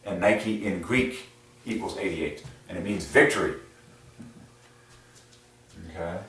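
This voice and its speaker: A man rambling through a casual monologue as a religious numerology video host, excitable, with many fillers and sudden jumps in pitch. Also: slow. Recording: very echoey room, far from mic.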